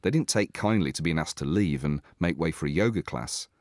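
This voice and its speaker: A man's voice: a bass voice, expressive, a little fast, darkish tone, no echo. An English man narrating his own story in a dry, self-deprecating, scripted way. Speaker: host and narrator.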